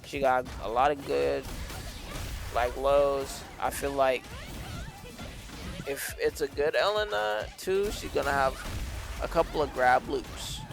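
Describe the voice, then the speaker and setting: A young man commentates his own fighting-game matches in a gravelly, mid-pitched voice. He rambles and swears freely, dropping into low mutters and rising into loud frustrated rants. Soft game music sits faintly behind him. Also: slow pace, long pauses. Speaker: game streamer. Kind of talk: casual commentary while playing a fighting game.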